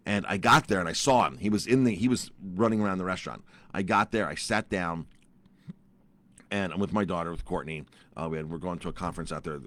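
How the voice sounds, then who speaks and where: Man, middle-aged chef, casual vlog, animated rant, repeats words, lowish voice, dry close sound. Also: no echo. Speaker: chef and restaurant owner.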